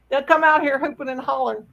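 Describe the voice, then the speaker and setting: Husky, creaky-voiced woman chatting casually. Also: medium pitch, fairly bright tone, rough recording. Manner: chatty, rambling, folksy. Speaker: host. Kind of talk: casual livestream chat. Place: home.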